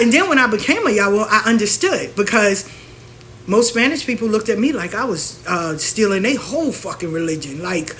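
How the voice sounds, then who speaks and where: A woman, hosting and talking casually, telling stories in an animated way and acting out the people she quotes. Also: mid-range voice, a little fast. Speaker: spiritual practitioner and host. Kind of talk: casual monologue.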